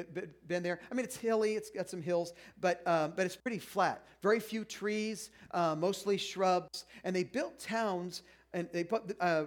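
Man, middle-aged, pastor, high voice, casual sermon, halting restarts, acts out objections. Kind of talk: conversational sermon.

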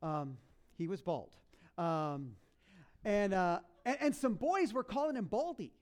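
A man with a high voice preaching a sermon. He tells a story with humor and energy and keeps breaking into playful character voices. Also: unhurried. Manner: animated, jokey storytelling with put-on voices. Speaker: pastor.

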